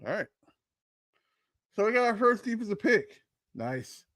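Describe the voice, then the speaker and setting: A man hosting a casual sports watch-along livestream, talking in a laid-back, halting way with many fillers. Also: high-pitched, very animated, fairly bright tone, no room sound, studio quality. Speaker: livestream host.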